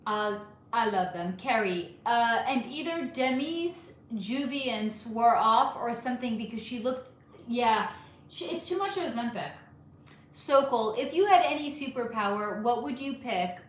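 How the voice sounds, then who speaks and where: Woman hosting a live stream, kinda high voice, chatty, going through comments, echoey room sound. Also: measured pace. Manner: chatty, animated, answers viewer comments one by one. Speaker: livestream host reading chat. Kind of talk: casual livestream chat.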